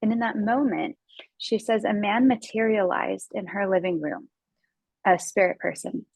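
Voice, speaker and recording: A woman's voice: mid-range voice, normal speed, vocal fry, breathy edge, no echo, poor audio. An American woman, a podcast guest, talking earnestly in casual conversation, with many fillers and restarts.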